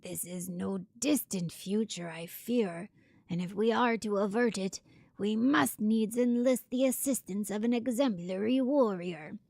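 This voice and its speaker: A woman voicing a grave, formal ancient spirit lord in a game, reading in a slow, measured, archaic way. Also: medium pitch, darkish tone, no room sound, studio quality. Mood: solemn.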